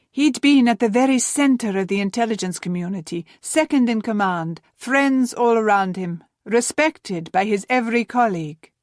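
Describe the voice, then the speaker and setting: A woman narrating a historical novel as an audiobook, in a measured storytelling manner that gently voices the dialogue. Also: medium pitch, no room sound, studio quality. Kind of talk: scripted narration.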